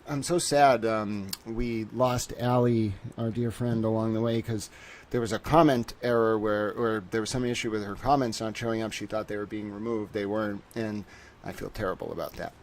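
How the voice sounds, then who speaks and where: Man, livestream host, casual rambling chat, low gravelly voice, faint hiss. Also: fairly even intonation, moderate pace, a little mellow. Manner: rambling, talks to chat while fiddling with settings.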